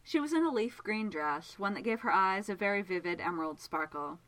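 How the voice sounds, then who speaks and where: A woman reads a story aloud with gentle, measured care. Her pitch sits in the middle but moves in wide, lively arcs, giving the prose an animated lilt. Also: poor audio. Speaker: reader. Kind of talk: storybook narration read aloud.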